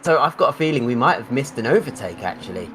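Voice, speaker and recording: A man's voice: medium pitch, very animated, fast talker, fairly bright tone, slight background noise. Conversational male race co-commentator. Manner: conversational, analytical. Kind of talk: live race commentary and chat.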